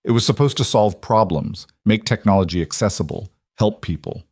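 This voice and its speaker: A man reading aloud, voicing an adult businesswoman who sounds tired, earnest and quietly defensive. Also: on the low side, normal speed, breathy edge, no room sound, studio quality. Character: guarded driven businesswoman, adult female CEO.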